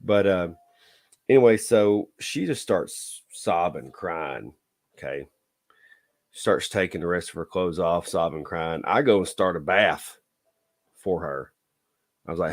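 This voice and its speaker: A man's voice: low voice, lively intonation, unhurried, pauses often. A man telling a dating story in a blunt, folksy way, lecturing listeners with a repeated "okay?". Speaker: dating advice vlogger. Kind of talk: casual storytelling monologue.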